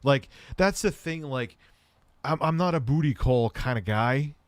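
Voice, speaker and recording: A man's voice: mid-range voice, animated, a little slow, no echo. A man in his thirties hosting a livestream, answering chat questions in candid, rambling, self-deprecating stories.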